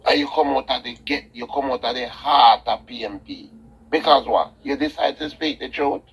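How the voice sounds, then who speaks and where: A man's voice: mid-range voice, steady tone, normal speed, slightly rough, poor audio. A man with a Jamaican accent calling into a talk show, emphatic and repetitive, almost preaching. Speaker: caller. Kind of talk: call-in talk radio chat.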